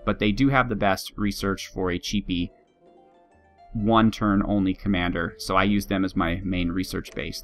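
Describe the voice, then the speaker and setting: A man casually commenting on a strategy game, chatty and laughing at his own jokes. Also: low-pitched. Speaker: game video host. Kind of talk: casual let's-play commentary. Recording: faint guitar music behind.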